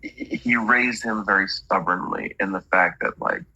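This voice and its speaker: A man's voice: low voice, moderate pace, sharp tone, husky, no room sound, muffled recording. A man working as a medium, relaying messages in a chatty reading and stringing quotes together with "he's like".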